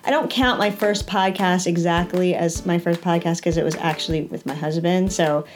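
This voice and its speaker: Host: woman, encouraging, quick yeses, faint music underneath. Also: fairly low pitch, fairly even intonation. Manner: encouraging, frequent affirmations. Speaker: podcast host. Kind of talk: casual interview chat.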